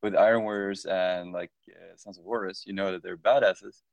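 A man's voice: low voice, steady tone, moderate pace, gravelly, no echo. A man co-hosting a podcast in casual chat, laid-back and rambling. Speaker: podcast co-host.

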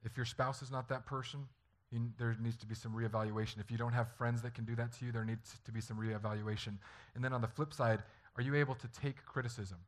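A man's voice: mid-range voice, level tone, quick pace. A man preaching a sermon as a pastor, talking earnestly and conversationally and acting out stories from family life.

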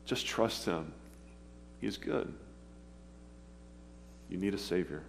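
A man preaching a sermon, earnest and pleading, with pauses as he speaks of his own past. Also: sits low, expressive, creaky. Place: church sanctuary. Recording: long hall reverb, faint hum.

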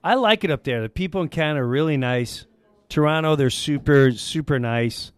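A middle-aged man who is a guest in a casual chat, telling stories excitedly. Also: fairly high pitch, fairly quick, smooth, no room sound. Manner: animated, excitable storyteller.

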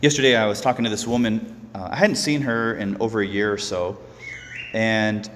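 A man who is a Catholic priest giving a sermon, earnest and slow, often repeating words as he goes. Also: lowish voice, fairly even intonation, fairly bright tone, long reverb tail, slight background noise.

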